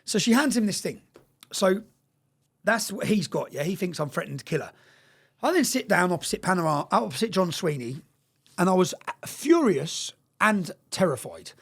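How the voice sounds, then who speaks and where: A man telling a story in an interview, talking fast, swearing and repeating words, often asking "yeah?". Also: high voice, big pitch swings, vocal fry, slightly rough. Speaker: interview guest.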